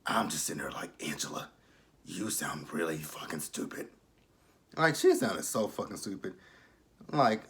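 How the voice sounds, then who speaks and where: A man giving casual, blunt, profane commentary on a reality TV episode. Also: mid-range voice. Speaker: reality TV reviewer.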